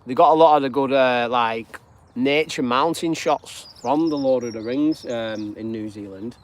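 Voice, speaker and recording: A man's voice: medium pitch, normal speed. A man from northwest England with a northern English accent, chatting casually and rambling as he hosts a live stream on a dog walk outdoors. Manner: rambling and chatty, greets viewers by name. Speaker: live-streaming channel host.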